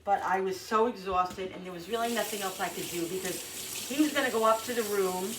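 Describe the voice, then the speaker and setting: A woman's voice: mid-range voice, fairly quick, noisy background. A middle-aged woman vlogger telling a long personal story in a casual, rambling way, full of restarts and asides. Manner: rambling, emotional, many restarts and "you know"s. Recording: echoey kitchen from far off, clattering dishes.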